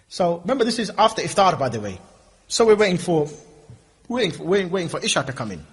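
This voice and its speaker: A middle-aged man preaching an Islamic lecture, acting out lively dialogues between people as he tells stories. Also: sits high, quick pace, husky. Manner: lively, acts out dialogues in different voices. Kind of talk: animated Islamic lecture with storytelling.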